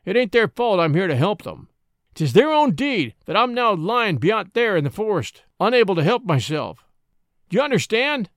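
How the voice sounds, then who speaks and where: A man's voice: a little high, very animated, normal speed, fairly bright tone, no room sound, clean studio sound. A man voicing a grim, bitter injured scaler who snarls his lines. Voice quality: snarling, fierce.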